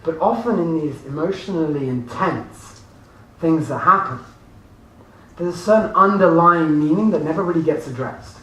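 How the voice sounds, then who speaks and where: A man giving a lively motivational seminar talk to a live audience, often laughing and asking the room questions. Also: a little high, moderate pace. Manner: animated, laughing, addresses audience directly. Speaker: motivational speaker. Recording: echoey room from far off, faint noise.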